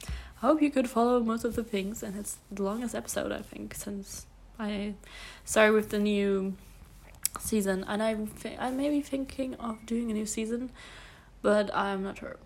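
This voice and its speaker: A German woman in her early twenties, about 20, rambles casually in a solo podcast monologue, speaking English with a German accent and plenty of fillers and self-corrections. Her mid-range voice is steady in tone, slightly mellow, and moderately paced.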